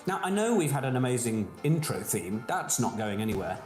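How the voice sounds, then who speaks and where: A man from Buckinghamshire, England, hosts a live-streamed pub quiz, playful and cheeky as he banters with his audience. His medium-pitched voice is sing-song, fairly quick and darkish in tone. It's recorded on a phone in a roomy space with faint music.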